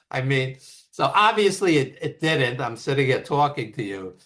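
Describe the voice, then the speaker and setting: A man trades anecdotes in a relaxed interview, his voice sitting a little high and swinging widely as he tells the tale. He slips into other people's voices for the punchlines. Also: a little slow. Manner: animated anecdotes with acted quotes and laughs. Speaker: author and wrestling writer, guest. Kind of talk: casual storytelling interview.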